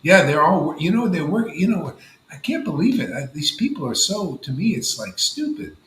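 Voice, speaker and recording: A man's voice: a little high, big pitch swings, moderate pace, a bit bright, reverberant, rough recording. A man leading a gathering of devotees, giving an informal devotional talk in a rambling, conversational way full of "you know" and "man". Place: room with a gathered group of listeners.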